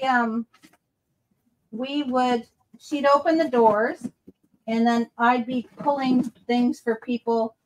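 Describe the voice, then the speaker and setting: With a fairly high-pitched voice and a Boston accent, a woman hosts a laid-back crafting livestream. Her storytelling rambles, and she often corrects herself mid-thought.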